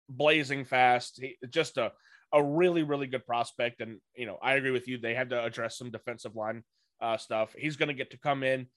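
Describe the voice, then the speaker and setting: A man's voice: medium pitch, fairly bright tone, no echo. Man with dry, hesitant analytical talk. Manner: analytical, hesitant, many filler words. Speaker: podcast co-host, football draft analyst. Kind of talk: casual podcast chat.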